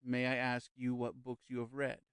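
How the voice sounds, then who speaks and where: A man voicing a calm, persuasive male spirit medium in an audiobook, speaking slowly, smoothly and quietly. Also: mid-range voice, dry recording, natural voice. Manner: slow, smooth, quiet, reassuring. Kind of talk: audiobook character reading.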